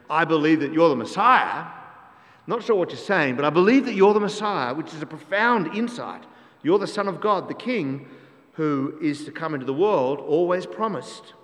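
Male pastor, emphatic sermon, rhetorical questions, slightly high voice, echoing church hall. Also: fairly bright tone. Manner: emphatic, repeats key phrases, asks the congregation rhetorical questions. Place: church with long reverb. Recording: long church hall reverb.

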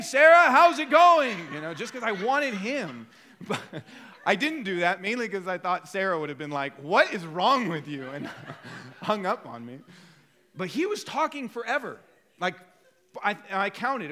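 A male pastor giving a sermon, telling a story with animated acted-out quotes and humor. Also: high voice.

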